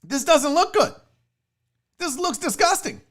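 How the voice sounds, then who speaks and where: Blunt, lively-voiced woman host. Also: sits high, measured pace. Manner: blunt, profane, mocking. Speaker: sports show host. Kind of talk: casual livestream chat.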